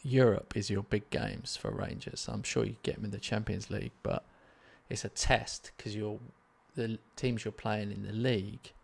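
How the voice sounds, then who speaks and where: A man's voice: fairly low pitch, steady tone, moderate pace, gravelly. A man hosting a gaming live stream, chatting casually and rambling in a self-mocking way while answering viewers.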